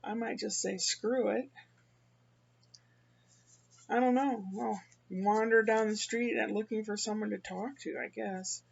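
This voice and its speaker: Rambling older woman with a gravelly voice. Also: mid-range voice, steady tone, highs cut off. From American Midwest. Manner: rambling, halting, with many restarts. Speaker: vlogger. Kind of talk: casual personal monologue.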